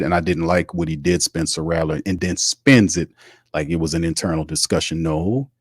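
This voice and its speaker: A sports podcast host with a deep, low, slightly mellow voice delivers fiery sports opinions, preachy and blunt, hitting his audience with rhetorical questions and swearing freely as he builds his case. The recording is dry and close, with no room echo.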